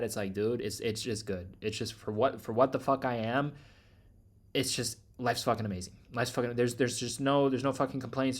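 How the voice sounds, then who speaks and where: A young man hosting a trading channel, giving an intense, profane motivational rant full of repetition. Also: medium pitch. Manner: intense, swearing constantly, repetitive.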